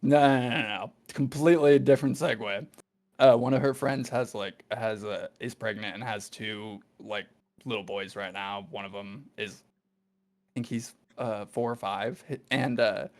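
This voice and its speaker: A man's voice: lowish voice, steady tone, normal speed, a little mellow. A man hosting a podcast, telling rambling, profane stories in casual chat and laughing often. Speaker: podcast host.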